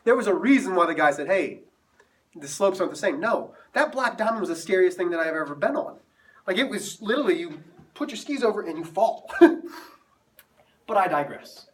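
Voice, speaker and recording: A man's voice: high voice, lively intonation, normal speed, pauses often, far from the mic. A male math teacher telling a self-mocking story to his class before moving into the lesson.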